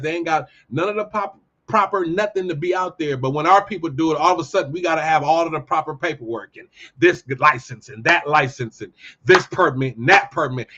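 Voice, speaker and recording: A man hosting his own show, giving a heated, profane commentary monologue and telling animated stories. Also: on the high side, lo-fi sound. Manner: profane, ranting, animated storytelling. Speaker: podcast host.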